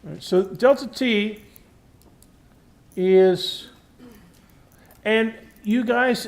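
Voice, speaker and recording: A man lectures on university physics slowly, with long pauses, in a high-pitched, expressive voice. He keeps a conversational classroom style, often checking in with the class and emphasizing key terms in his explanations.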